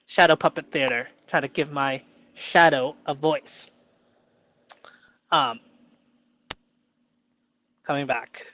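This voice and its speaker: Halting, self-questioning man, slow and lo-fi. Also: on the high side, sharp tone, dry recording. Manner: playfully argues with himself in a mock inner voice. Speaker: vlogger reflecting on improv. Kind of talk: solo reflective monologue.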